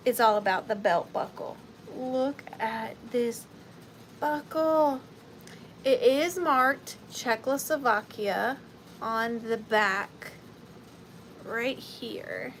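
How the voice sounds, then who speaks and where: A woman's voice: a little high, slight background noise, rough recording. A woman with a Southern US accent hosting a live vintage and antiques sale from home, chatty and gushing, greeting viewers by name.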